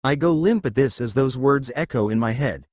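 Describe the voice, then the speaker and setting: This man narrates a first-person fan fiction tale, taking on every character's lines in his own voice. His medium-pitched, darkish voice has lively intonation at normal speed, captured cleanly in a studio with no room sound.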